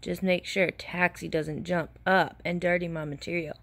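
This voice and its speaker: A woman's voice: on the low side, little pitch movement, normal speed, gravelly, a bit bright, dry recording. A woman voicing a careful mother in a children's storybook, firm and matter-of-fact. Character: Mama, a careful adult mother.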